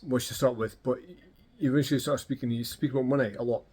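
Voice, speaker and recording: A man's voice: mid-range voice, steady tone, quick pace, darkish tone, husky. A middle-aged Scottish man telling casual, swearing anecdotes and acting out the dialogue. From Scotland. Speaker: vlogger. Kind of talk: casual storytelling.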